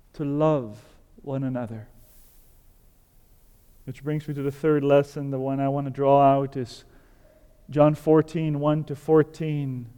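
A man's voice: medium pitch, mellow, clean tone, in a large hall. A man preaching a sermon as a pastor, earnest and building to fervent emphasis.

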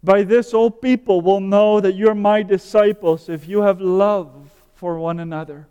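A man reading a gentle, tender male teacher's words aloud in a sermon, speaking in a sweet, kind and comforting way. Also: high-pitched, steady tone, unhurried, clean tone, big-room sound, highs cut off, pitched above the performer's own voice.

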